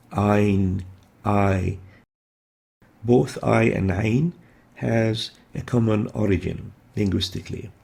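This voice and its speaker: A man teaching pronunciation in a lesson, explaining each sound slowly and repeating it in drills. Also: on the low side, creaky, a little mellow.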